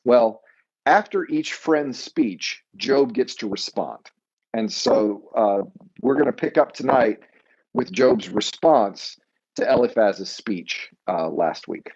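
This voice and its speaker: A man's voice: mid-range voice, lively intonation, a little mellow. Man teaching a Bible class, lo-fi. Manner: conversational, pausing to explain terms. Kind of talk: weekly Bible study lesson.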